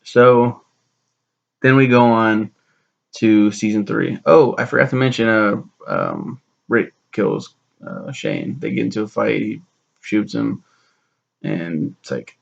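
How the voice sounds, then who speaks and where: A man's voice: fairly low pitch, lively intonation, slow, gravelly, dull audio. A young man rambling through a sarcastic, profane recap of a TV show, acting out the characters' lines as he goes. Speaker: show reviewer.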